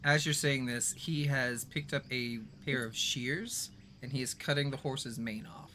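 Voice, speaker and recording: Bright-toned game master calling dice rolls. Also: mid-range voice, unhurried, slight background noise. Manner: relaxed, matter-of-fact rules talk. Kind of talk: running a tabletop game on a live stream.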